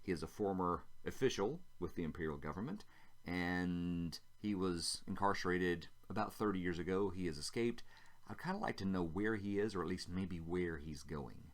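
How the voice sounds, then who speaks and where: A man voicing an eager male investigator who talks earnestly and in a lowered voice. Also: normal speed, natural voice.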